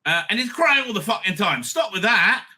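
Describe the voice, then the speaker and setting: A middle-aged man hosting a casual TV review, excitable and blunt, swearing freely, laughing often and trailing off mid-thought. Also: high voice, moderate pace, slightly rough. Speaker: show host reviewing TV episodes. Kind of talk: casual rambling review monologue.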